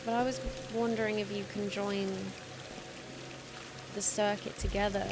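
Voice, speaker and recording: A woman's voice: mid-range voice, little pitch movement, normal speed, background noise. A woman streaming a video game, talking through the puzzles in casual commentary, thinking aloud and trailing off mid-sentence. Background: game music.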